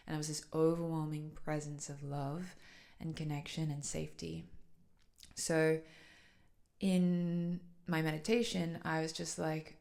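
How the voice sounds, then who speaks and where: Earnest woman with a low-leaning voice. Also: level tone, a little slow, vocal fry, a little mellow. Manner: earnest, flowing, lots of "like" and "so". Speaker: light language channeler. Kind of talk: casual personal talk.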